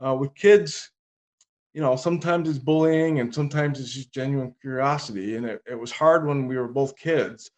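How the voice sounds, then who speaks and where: A man as a podcast guest, telling anecdotes in a relaxed conversation with dry comic timing. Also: medium pitch, moderate pace. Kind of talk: casual interview storytelling.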